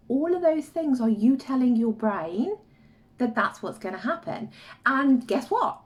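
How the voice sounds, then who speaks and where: Woman, self-help vlogger, slightly high, very lively pitch, acts out voices. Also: a little slow. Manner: animated, acts out inner voices in quotes. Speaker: life coach vlogger. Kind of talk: casual advice monologue.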